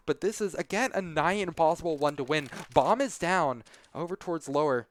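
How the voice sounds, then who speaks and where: A man's voice: a little high, moderate pace. A man doing live esports play-by-play commentary, conversational and analytical, with casual asides between calls.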